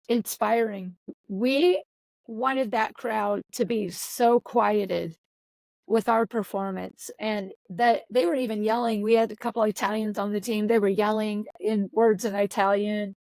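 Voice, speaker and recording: A woman's voice: mid-range voice, vocal fry, darkish tone, dry recording, poor audio. A middle-aged woman coach talking earnestly in an interview, often repeating words as she searches for her phrasing. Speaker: volleyball coach. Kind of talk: podcast interview.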